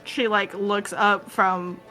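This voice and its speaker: A woman running a tabletop game, describing scenes in a loose, rambling way full of "like" and "um". Her voice is bright and forward, at an ordinary pitch, with faint background music. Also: little pitch movement, slow pace. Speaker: game master.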